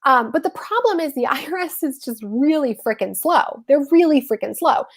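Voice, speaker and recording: A woman with a slightly high voice and a gravelly, creaky texture, hosting a casual livestream explainer. She talks to her viewers in a chatty way, correcting herself as she goes and calling them y'all. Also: animated, moderate pace. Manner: chatty and self-correcting, addresses the audience as y'all. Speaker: host of a live personal-finance session.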